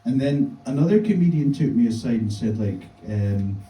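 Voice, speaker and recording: A man delivers a stand-up set in a flat, deadpan manner, stumbling through fillers and restarts. His voice sits at an ordinary middle pitch. The room is echoey and he sounds a little distant from the mic. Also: moderate pace, a little hiss or hum. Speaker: stand-up comedian. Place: comedy club stage.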